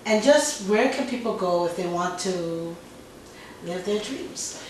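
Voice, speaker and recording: A woman's voice: fairly low pitch, expressive, takes it slowly. Woman talk show host in an echoey room. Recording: echoey room, distant mic, noisy.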